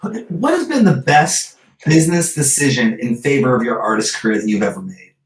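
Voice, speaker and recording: A man's voice: mid-range voice, expressive, moderate pace. Echoey, distant male interview host. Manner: conversational, asks direct questions. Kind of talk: casual interview chat.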